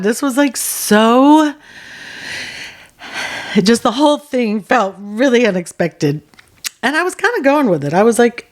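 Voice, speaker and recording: A woman host telling a personal story in a lively, animated way, acting out the quotes and laughing often. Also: fairly high pitch, a little slow, long pauses.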